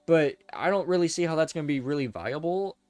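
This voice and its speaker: A man's voice: a little high, brisk, no room sound. Stuttering, chatty male streamer. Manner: rambling, stuttering, self-correcting; excitable, chatty. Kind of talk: casual live-stream commentary.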